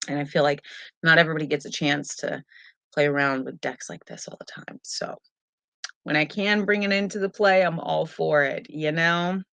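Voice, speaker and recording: Low-voiced woman chatting on a live stream. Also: fairly even intonation, normal speed, gravelly, a bit bright, dry recording. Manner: chatty, rambling, easygoing. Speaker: tarot reader, live stream host. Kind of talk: casual live stream chat. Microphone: webcam.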